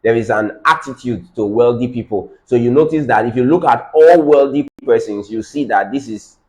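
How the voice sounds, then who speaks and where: A man's voice: medium pitch, moderate pace, rough recording. A man with a Nigerian accent giving a business training lecture, repeating key phrases for emphasis and checking in with his audience.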